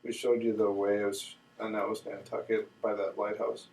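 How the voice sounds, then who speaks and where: A man's voice: on the low side, little pitch movement, moderate pace, darkish tone. A man chatting casually about a trip on a home video, rambling and correcting himself as he goes. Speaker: traveler recounting a trip. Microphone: camcorder mic. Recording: distant home camcorder audio.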